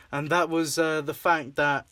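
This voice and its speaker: A man's voice: on the high side, little pitch movement, slow, pushed and bright, no room sound. A young Scottish man hosting a casual chat, rambling with fillers, swearing and laughing often. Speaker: podcast host and filmmaker.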